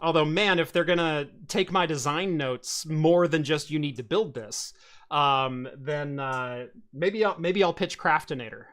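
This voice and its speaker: A man's voice: fairly high pitch, measured pace. A man hosting a casual tech podcast, telling stories in a rambling way with lots of fillers and restarts. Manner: rambling, many fillers and restarts, animated storytelling. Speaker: podcast host.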